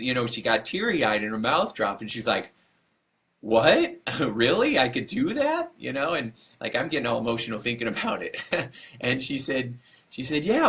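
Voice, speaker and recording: A motivational speaker, male, tells a story during his talk, acting out what people said and laughing at himself as he goes. His mid-range voice sounds pushed and bright.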